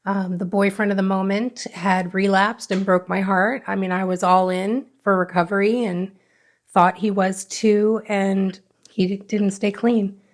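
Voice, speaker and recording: A woman's voice: medium pitch, flat delivery, measured pace. Candid middle-aged woman telling her recovery story. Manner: frank, emotional, re-enacts her own past words. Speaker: podcast guest.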